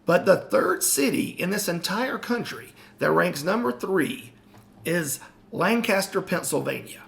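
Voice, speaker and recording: A man's voice: high voice, expressive, a little slow, vocal fry, a bit bright. A middle-aged man co-hosting a podcast in casual chat, with a dry, teasing way of talking. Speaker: podcast co-host.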